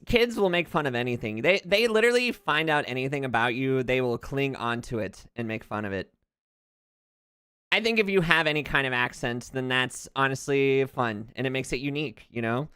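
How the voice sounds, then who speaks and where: A man's voice: medium pitch, pushed and bright, clean tone, no echo, clean studio sound. Chatty man with a light Southern lilt. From southern United States. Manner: rambling, drifts into tangents and laughs often. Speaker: streamer. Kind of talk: casual chat while gaming.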